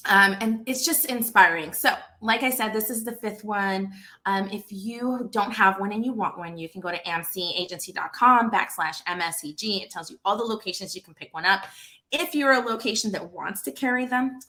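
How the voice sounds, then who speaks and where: A chatty woman in her thirties tells a story in a casual way. Her voice sounds bright, and she talks with lots of fillers. She acts out the dialogue she quotes. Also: medium pitch, normal speed. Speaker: association founder and CEO.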